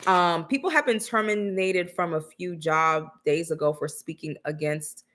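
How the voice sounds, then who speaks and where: A woman's voice: on the low side, unhurried, fairly bright tone. A woman co-hosting a podcast, talking in a blunt, sassy, slangy way with casual swearing. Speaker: podcast co-host. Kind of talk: casual commentary chat.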